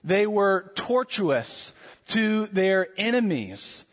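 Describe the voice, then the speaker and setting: A pastor preaches a sermon in a large hall, earnest and emphatic, his voice sitting high and very animated. He slows down with dramatic pauses to stress key words.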